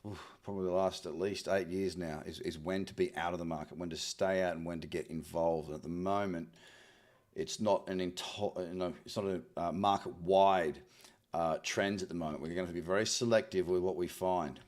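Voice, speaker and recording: A man's voice: low-pitched, fairly even intonation, a little fast. An Australian man hosting a live trading stream, chatting in an upbeat way, often repeating words and answering viewers. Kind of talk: live chart scan with chat replies.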